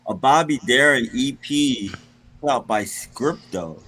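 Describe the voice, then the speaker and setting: A man chatting casually on a live stream, relaxed and offhand. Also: mid-range voice, unhurried, slightly rough, low-quality recording. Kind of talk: casual chat.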